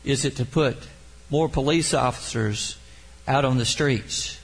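A man preaching a sermon in an earnest tone, reading scripture and slowing down on key words for emphasis. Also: mid-range voice, poor audio. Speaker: pastor.

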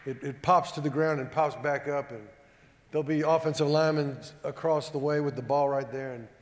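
A man telling a humorous, self-deprecating story to a live audience, animated and acting out the dialogue. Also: medium pitch. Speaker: former football player giving a talk. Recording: echoey hall with long reverb.

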